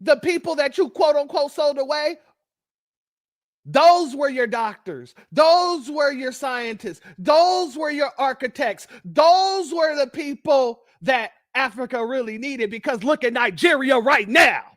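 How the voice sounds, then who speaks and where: A man's voice: extremely high pitch, animated, measured pace, fairly bright tone, no room sound, clean studio sound. A man hosting a livestream, giving heated commentary and counting off his points one by one in a combative way. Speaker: livestream host.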